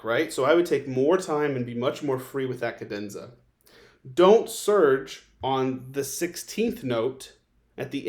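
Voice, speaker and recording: A man's voice: medium pitch, a little mellow. Man giving methodical violin feedback. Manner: methodical, directive, sings phrases to demonstrate. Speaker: violin teacher. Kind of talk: recorded lesson feedback.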